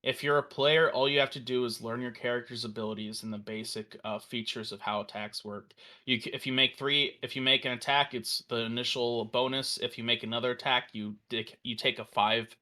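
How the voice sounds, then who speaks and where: A man casually walking through a software demo on a live stream, enthusiastic and rambling, with fillers and restarts. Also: mid-range voice, fairly even intonation, brisk, hardly any pauses. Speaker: developer demoing a virtual tabletop.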